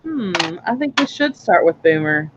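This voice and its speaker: A woman hosting a casual livestream, relaxed and a bit hesitant, thanking viewers often. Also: medium pitch, moderate pace. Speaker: livestream host. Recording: dull lo-fi stream audio with faint hiss.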